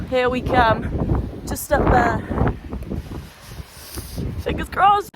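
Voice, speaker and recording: A woman chatting casually and swearing freely as she vlogs a hill walk outdoors, holding the camera herself. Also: medium pitch. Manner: chatty, sweary, self-deprecating. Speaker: hiking vlogger. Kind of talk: casual vlog chat while walking. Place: windy hillside outdoors. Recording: windy outdoor noise.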